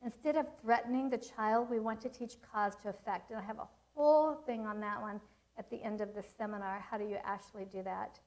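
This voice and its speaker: A middle-aged woman's medium-pitched, slightly mellow voice holds a steady tone as she talks fairly quickly through poor audio. At her parenting seminar she earnestly teaches with personal stories and acted quotes.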